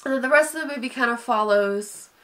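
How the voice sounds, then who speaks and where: A woman with a bright, sharp voice talks through a film review in a loose, casual way. She sounds sniffly and often stops to sigh, trailing into fillers and restarting her sentences. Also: a little high, fast. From Southern United States. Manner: hesitant, sighing, meandering with many fillers. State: sniffly from allergies.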